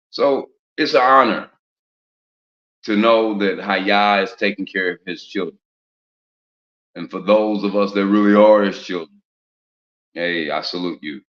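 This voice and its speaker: A low, slightly bright male voice carries this casual religious talk, which is laced with streetwise slang and a barrage of rhetorical questions. Roomy echo and a muffled lo-fi quality mark the audio.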